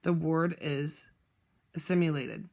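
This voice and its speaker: A reader voicing a polite but stern female schoolteacher who gives measured instructions to her class. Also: mid-range voice, gravelly, a little mellow. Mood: instructing.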